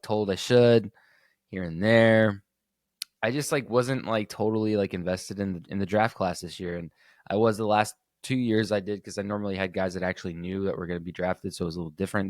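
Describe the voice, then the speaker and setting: A man's voice: low-pitched, no room sound, studio quality. A young man hosting a casual solo sports podcast, rambling loosely with lots of fillers and restarts. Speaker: podcast host.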